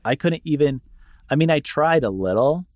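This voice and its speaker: A man's voice: a little high, lively intonation, normal speed, darkish tone, no room sound, clean studio sound. A man co-hosting a podcast, speaking in an earnest, self-reflective way. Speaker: podcast co-host. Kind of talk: reflective conversational talk.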